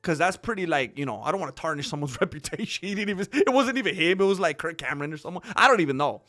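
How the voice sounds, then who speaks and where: A man's voice: on the high side, expressive, very fast, sharp tone. A young man hosting a casual commentary channel, talking off the cuff in a rambling way with lots of restarts and fillers.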